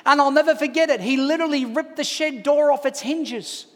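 High-voiced preacher in a reverberant hall. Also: male voice, brisk. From Australia. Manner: animated storytelling, swinging from hushed to shouting. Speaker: pastor. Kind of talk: sermon.

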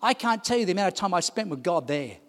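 A man's voice: sits high, big pitch swings, fast talker, a bit bright. A man preaching a sermon as pastor, pressing his congregation with repeated calls to listen. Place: large church hall. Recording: long hall reverb.

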